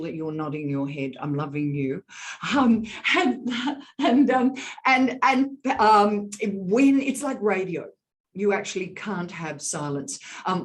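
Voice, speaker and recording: Lively lower-pitched woman coaching on voice. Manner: animated, demonstrative, explains with vocal examples. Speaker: executive voice coach. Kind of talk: virtual summit interview. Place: video call. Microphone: video call.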